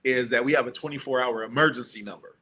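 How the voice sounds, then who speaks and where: A man's voice: fast, a little hiss or hum. A middle-aged man, a guest entrepreneur, telling stories in a casual interview and acting out the people he quotes. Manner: animated, acts out quotes with big pitch jumps.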